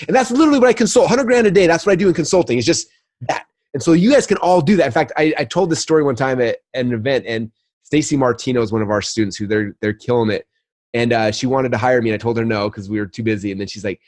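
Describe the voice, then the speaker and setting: A man talking casually as a podcast guest, telling animated stories and acting out both sides of conversations. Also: mid-range voice. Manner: rapid, animated storytelling with acted-out dialogue. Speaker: guest, marketing entrepreneur.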